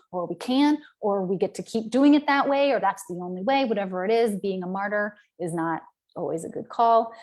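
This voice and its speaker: A woman's voice: a little high, darkish tone. Chatty woman coach from the South. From American South. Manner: chatty and candid, peppered with "right?" and "um". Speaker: business coach. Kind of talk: casual live-stream coaching talk.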